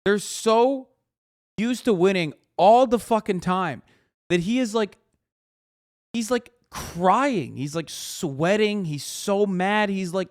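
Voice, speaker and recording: A man's voice: high-pitched, expressive, slow, no room sound, studio quality. A man streaming live, reacting to a clip in casual, profane, mocking talk. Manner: profane, mocking, laid-back.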